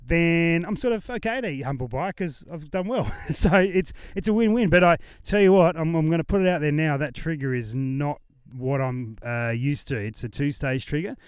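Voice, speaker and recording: A man's voice: fairly high pitch, moderate pace, smooth, dry recording, studio quality. A man hosting a podcast, joking and bantering with competitors at an outdoor shooting range. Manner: jokey, matey banter. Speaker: podcast host interviewing competitors. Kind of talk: casual on-site interviews.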